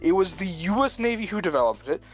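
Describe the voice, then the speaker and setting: A man's voice: high voice, very animated, fast talker, faint music behind. A man telling a long story in casual chat, rambling with lots of filler words and frequent chuckles. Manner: rambling, full of "like", chuckles often.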